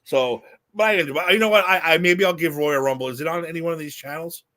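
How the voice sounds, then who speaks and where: A man's voice: on the high side, fast talker, sharp tone. A man co-hosting a podcast in casual chat, rambling with frequent laughter and restarts. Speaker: podcast co-host.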